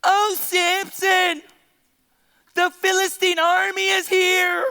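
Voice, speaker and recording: A man's voice: very high voice, monotone, slow pace, sharp tone, long reverb tail, full character voice. A man voicing Delilah as a scheming young woman who plays melodramatic, fake hurt. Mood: sing-song.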